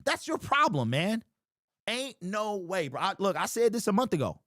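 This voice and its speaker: A young man hosts a sports livestream, ranting in disbelief and reading super chats from viewers. His high-pitched voice is expressive and fairly bright, moving at a moderate pace. He sounds exasperated and incredulous, repeating himself, in clean studio audio with no echo.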